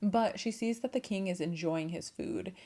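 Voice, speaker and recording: A woman's voice: mid-range voice, normal speed, warm tone. A young woman casually retelling a folktale, chatty and swearing, with laughing asides and playful voiced quotes. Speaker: storyteller and channel host.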